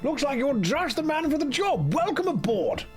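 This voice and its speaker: A man's voice: very high-pitched, big pitch swings, over music, voice pushed up. A man playing a sly, theatrical mad doctor. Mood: sly questioning. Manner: slow, theatrical, villainous delivery. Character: eccentric mad scientist doctor, older man.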